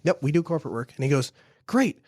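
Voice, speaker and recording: A man's voice: fairly high pitch, big pitch swings, quick pace, a little mellow, dry recording, clean studio sound. A man in his thirties, a small business owner, telling a long story in casual conversation, with many restarts and repeated words.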